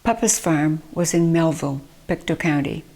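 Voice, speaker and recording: A woman from Nova Scotia reading her own memoir aloud in a gentle, measured storytelling manner. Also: sits low. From Nova Scotia, Canada.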